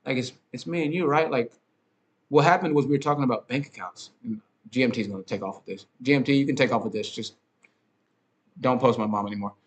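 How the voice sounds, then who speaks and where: A man's voice: mid-range voice, fast talker. A man hosting a podcast, ranting in a casual, rambling monologue with frequent swearing, fillers and restarts. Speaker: podcast host.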